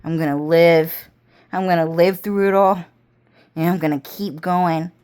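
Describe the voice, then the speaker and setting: A woman acting out a spiteful evil being, speaking in a low, cold, menacing voice. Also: steady tone, a little slow, darkish tone, clear, resonant tone, lightly acted.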